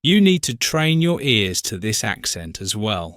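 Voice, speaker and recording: A man voicing a patient woman English teacher who gives calm, clear advice in a storybook lesson. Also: on the low side, unhurried, dry recording, clean studio sound. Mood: reassuring.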